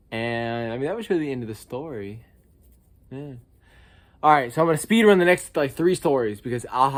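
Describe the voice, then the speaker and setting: Jokey young American guy telling stories. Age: young adult. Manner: jokey, swings from loud squeaky outbursts to low mutters. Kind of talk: casual storytelling vlog.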